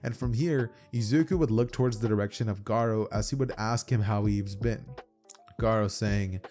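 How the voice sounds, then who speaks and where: A man with a lowish, darkish voice narrates fan-made anime fiction at a moderate pace from home, soft music underneath. His casual YouTube retelling is loose and filled with fillers, and he repeatedly says "as from here".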